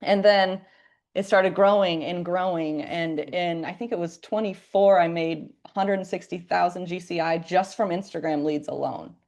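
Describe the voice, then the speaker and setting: A woman in her thirties tells her story in a relaxed, chatty way. Her voice sits a little low for a woman, and she fills her sentences with ums and likes as she goes. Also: moderate pace, vocal fry. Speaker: real estate agent. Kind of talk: casual chat.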